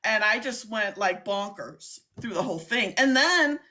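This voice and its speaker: A middle-aged woman hosting a casual live-stream chat, talking in an excitable, chatty way. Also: mid-range voice, a little slow. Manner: chatty, excitable, laughs often. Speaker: host, scam baiter.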